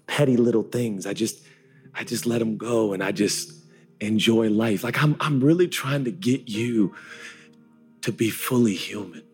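A man's voice: medium pitch, husky. A man in his forties preaching a live sermon to a congregation in an auditorium, with an impassioned, repetitive cadence that builds into an altar call. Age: 40s. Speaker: pastor.

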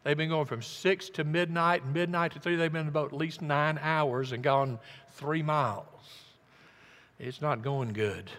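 A man delivers a sermon in a church, his bright, somewhat high voice carried by a long hall reverb. He tells the story dramatically, dropping to near-hushes and rising to loud emphasis. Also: normal speed. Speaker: pastor.

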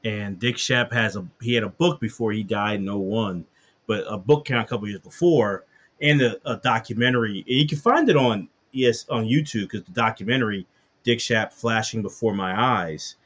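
A man telling a story in a casual chat, animated when he quotes other people. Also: fairly low pitch, normal speed.

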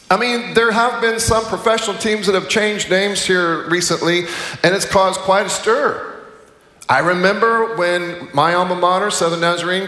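A middle-aged man delivers a chapel sermon in a relaxed, conversational way, restarting phrases and slipping in jokes. His voice sits a little high. The sound carries the long echo of a large hall. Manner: conversational, self-correcting, humorous asides. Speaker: chapel speaker. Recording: echoey hall, distant mic.

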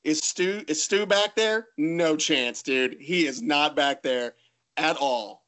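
A man co-hosting a casual podcast chat, his voice sitting a bit high. He tells stories with lively, self-mocking humor. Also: takes it slowly. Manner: animated storyteller, self-mocking. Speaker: podcast co-host.

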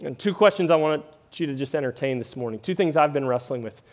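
A man's voice: fairly high pitch, expressive, quick pace. A man preaching a sermon in a conversational way, often tagging lines with "right?" and "like". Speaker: pastor.

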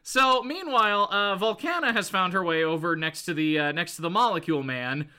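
A man's voice: high-pitched, lively intonation, brisk, few pauses, bright, forceful tone, smooth. A man hosting a podcast, recapping comics in a casual, laughing way with many fillers. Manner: laughing, filler-heavy storytelling. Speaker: podcast host.

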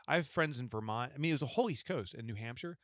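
A man's voice: medium pitch, racing, dry recording, studio quality. A man co-hosting a podcast, telling a long story in casual chat and acting out the lines of the people in it. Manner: animated storyteller, acts out quoted lines. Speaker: podcast co-host.

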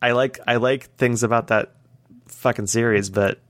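A man in casual podcast chat, worked up and swearing freely, with "like" dropped into nearly every sentence. His voice sits at an ordinary middle pitch. The sound is dry, with no room echo. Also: steady tone, normal speed, fairly bright tone. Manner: heated, profane ranting, heavy "like" filler. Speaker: podcast co-host.

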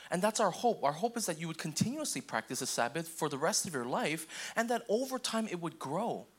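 A young man preaching a sermon in an easygoing, conversational way, often checking in with the congregation and acting out quick voices. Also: on the high side, big pitch swings, husky. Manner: casual, repeats okay and restarts, acts out quoted voices. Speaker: pastor.

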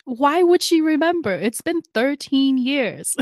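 A woman's voice: sits high, animated, a little slow, no echo. A woman co-hosting a casual chat, recapping a drama and acting out the characters' lines. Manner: chatty, laughs often, acts out characters' lines. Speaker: podcast co-host recapping a drama.

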